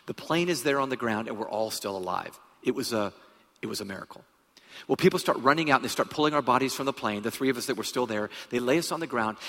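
Husky preacher in a reverberant hall. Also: male voice, medium pitch. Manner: animated storyteller, swings from hushed to loud. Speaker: guest preacher. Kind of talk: sermon storytelling. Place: large church hall.

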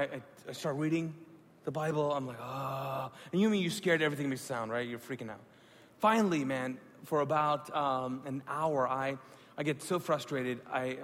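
A male pastor preaching in a church hall, voice ringing with a long reverb tail. He tells his story animatedly, acting out both sides of conversations in a fairly high voice, then drops low and quiet for reverent moments. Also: a little hiss or hum. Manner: animated, acts out dialogue with rising excitement then hushed reverence. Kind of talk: sermon storytelling.

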